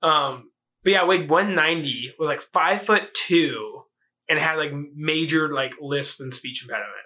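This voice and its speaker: A man's voice: fairly high pitch, normal speed, bright, forceful tone. A young man with a slight lisp, co-hosting a casual podcast chat and laughing often. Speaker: podcast co-host.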